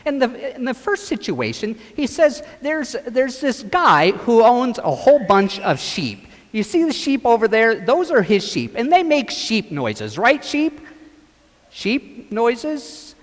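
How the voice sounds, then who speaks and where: Animated priest with a lively voice. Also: male voice, extremely high pitch, slow pace. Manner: animated storytelling, directing children. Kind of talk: children's sermon with acted gospel. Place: church. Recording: long church reverb.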